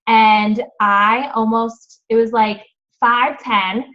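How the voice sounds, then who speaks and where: A woman's voice: a little high, steady tone, takes it slowly, a bit bright. A woman hosting a team coaching video call, chatty and encouraging, rambling a little as she talks. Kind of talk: upbeat team call talk. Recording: dull lo-fi video call audio.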